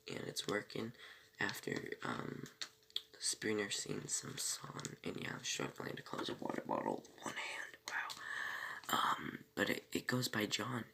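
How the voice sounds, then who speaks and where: A man talks through a TV episode recap in a bright, very gravelly voice whose pitch swings widely. He rambles, piles on fillers and self-corrections, and breaks off for small asides before picking the story back up. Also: slight background noise. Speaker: TV episode reviewer.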